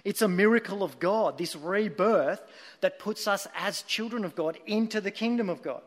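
A man preaches with earnest, emphatic storytelling. His voice sits high for a man, and a long reverb trails each phrase across the hall. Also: normal speed. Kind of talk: sermon.

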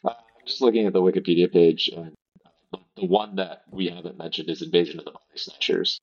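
Low-voiced rambling man on a call. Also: quick pace, muffled recording. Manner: rambling storyteller with swearing and fillers. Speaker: podcast co-host. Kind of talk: casual chat. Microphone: remote call.

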